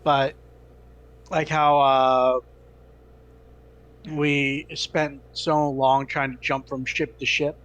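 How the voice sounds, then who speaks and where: A man's voice: mid-range voice, level tone, drawn-out words, long pauses, a bit bright, clean tone, lo-fi sound. A man casually playing a tabletop game over an online call, laid-back. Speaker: player.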